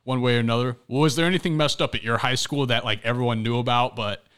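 A young man hosts a podcast in casual chat. His voice is bright and forceful, and he tells stories with animated, excitable energy. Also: medium pitch, fast talker, clean tone. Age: young adult. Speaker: podcast host.

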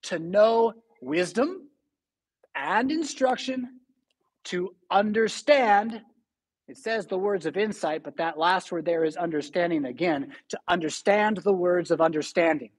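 A middle-aged man preaching a sermon as pastor, telling stories with sudden loud and soft swings. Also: high-pitched, normal speed, few pauses, husky. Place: church sanctuary.

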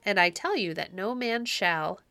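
A woman's voice: medium pitch, unhurried, bright, forceful tone, no echo. A woman reading an audiobook story and voicing a domineering, scornful medieval king with a commanding, mocking manner. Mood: angry.

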